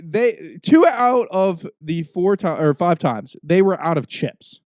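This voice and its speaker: A young podcast host rants through a profane story in casual conversation, his lively intonation carrying him from low mutters to loud outbursts. He speaks slowly, and there's no room sound.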